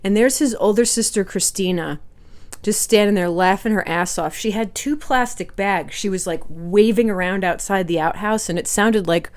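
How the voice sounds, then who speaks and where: A woman's voice: mid-range voice, normal speed. A woman food vlogger telling a casual storytime while eating, chatty and rambling, laughing now and then.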